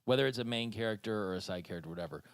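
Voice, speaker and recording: A man's voice: fairly low pitch, rapid-fire, clean tone, dry recording, clean studio sound. A man co-hosting a casual podcast chat, wry and argumentative as the group's self-described critic. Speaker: podcast co-host.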